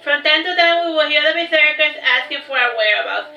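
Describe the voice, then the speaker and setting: A woman's voice: sits high, animated, fairly quick, sharp tone. A woman reading her own fantasy story aloud in a plain storytelling manner, with small stumbles and repeated words. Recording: distant, roomy, dull, faint music.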